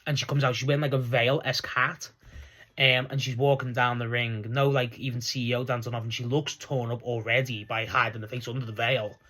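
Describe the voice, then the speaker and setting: A young man casually recapping a wrestling show, excitable and rambling, laughing often as he talks. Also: mid-range voice, a little fast.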